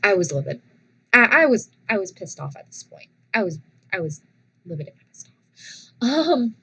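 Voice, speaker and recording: A young woman vlogger casually telling personal stories, animated and dramatic, often restarting her sentences. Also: medium pitch, moderate pace, long pauses, slightly rough, rough recording.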